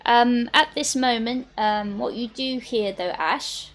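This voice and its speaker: A woman narrating a tabletop game as game master, pausing and restarting her sentences often. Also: a little high, faint music behind. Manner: halting, lots of fillers and restarts.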